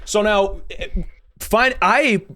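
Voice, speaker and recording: A man hosting a casual interview, asking enthusiastic, halting questions. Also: high-pitched, sharp tone. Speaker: podcast host.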